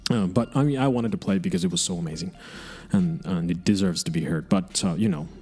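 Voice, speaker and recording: A man's voice: low-pitched, fast, darkish tone, breathy edge, faint music behind. A man hosting an online radio show, chatting casually and rambling between songs, frank and self-mocking and often restarting his sentences.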